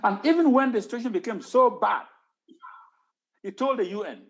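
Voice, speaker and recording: A man's voice: very high-pitched, animated, moderate pace, long pauses, a little hiss or hum. A man giving an impassioned talk on history at an online town hall, stressing points by repeating words. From Cameroon.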